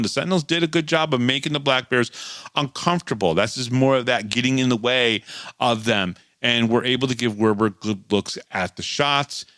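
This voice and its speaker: A man's voice: medium pitch, a bit bright, no echo. A man co-hosting a podcast, chatting casually and recapping hockey games from his notes, with frequent restarts. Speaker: podcast co-host. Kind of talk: casual sports talk and game recap.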